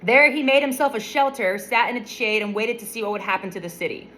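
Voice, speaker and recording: A woman's voice: a little high, animated, moderate pace, few pauses, sharp tone, poor audio. A young adult woman casually retelling a Bible story, mixing the reading with wry, playful asides.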